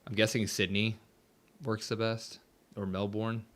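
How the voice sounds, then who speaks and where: A man's voice: on the low side, flat delivery, unhurried, fairly bright tone. Chatty man hosting a wrestling live stream. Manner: chatty, reads viewer comments aloud, grumbles about tech. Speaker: livestream host. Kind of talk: casual live-stream chat.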